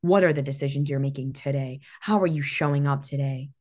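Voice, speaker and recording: A woman's voice: a bass voice, a little fast, darkish tone. A woman in her thirties hosting a motivational podcast, talking intensely with emphatic repetition and frequent swearing. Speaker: podcast host. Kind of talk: motivational monologue.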